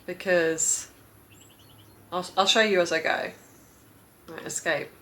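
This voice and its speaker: A woman's voice: on the low side, steady tone, slow, bright, forceful tone, slight background noise. A young woman chatting casually through a cozy game, rambling with giggly asides. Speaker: cozy gaming vlogger. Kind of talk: casual gameplay commentary.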